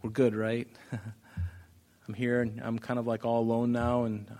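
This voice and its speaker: Preacher doing a nervous captive king, wheedling and hushed. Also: medium pitch, monotone, measured pace, lightly acted. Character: captive king hoping he's off the hook.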